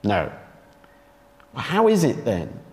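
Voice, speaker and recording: Male preacher, emphatic sermon delivery with rhetorical questions, voice bright and lively, echoey hall sound. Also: medium pitch, takes it slowly. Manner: emphatic, repeats key phrases and asks rhetorical questions. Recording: echoey hall with long reverb.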